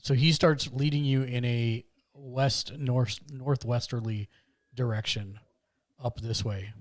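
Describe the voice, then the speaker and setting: A man acting as game master, narrating a tabletop game with quick practical asides. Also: medium pitch, fairly even intonation, no echo.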